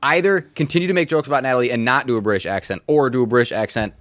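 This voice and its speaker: A man's voice: mid-range voice, racing, no room sound. A man hosting a board game podcast, reading listener questions aloud in a casual chat. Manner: animated, reads questions aloud with laughter. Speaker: podcast host.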